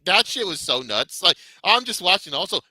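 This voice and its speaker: A podcast host rants his way through a profane commentary chat, heated and mocking and very animated. His sharp, bright voice swings widely in pitch at a normal speed, recorded close and dry with no room sound.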